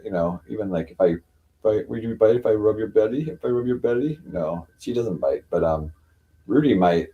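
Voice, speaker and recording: Male streamer, deep and warm, loose rambling talk, baby-talks his cats. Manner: rambling, full of fillers, coos at his cats in a higher voice. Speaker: livestreamer. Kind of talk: casual live-stream chat.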